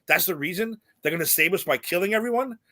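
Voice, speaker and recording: A man co-hosting a podcast, chatting casually and excitedly retelling his reactions with lots of swearing. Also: high-pitched, fast. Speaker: podcast co-host. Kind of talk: casual chat.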